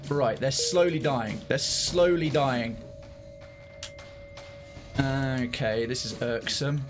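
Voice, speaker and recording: A young man giving animated, swearing live gameplay commentary and thinking aloud. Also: mid-range voice, slow, over music. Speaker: streamer.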